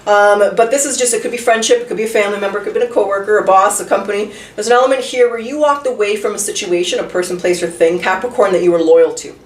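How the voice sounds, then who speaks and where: A woman's voice: mid-range voice, fast, hardly any pauses. A woman giving a casual tarot reading, talking chattily with lots of rhetorical questions and the odd swear word. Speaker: tarot reader. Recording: roomy echo, voice a bit far from the mic.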